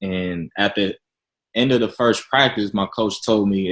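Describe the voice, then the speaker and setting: A man from Chicago, a podcast guest, telling his story in a relaxed, humble, easygoing way. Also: on the low side, measured pace, low-quality recording. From Chicago, Illinois. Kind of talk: casual interview chat.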